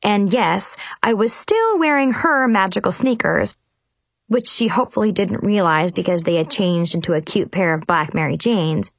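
A woman narrating a first-person story aloud in an animated, expressive, chatty way. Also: mid-range voice, normal speed, no room sound. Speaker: audiobook narrator.

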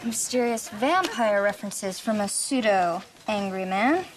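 An actress playing a sardonic young woman who calls herself dark and edgy and is easily flustered. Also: medium pitch, lively intonation, measured pace, heavy background noise, lightly acted. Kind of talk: sitcom acting.

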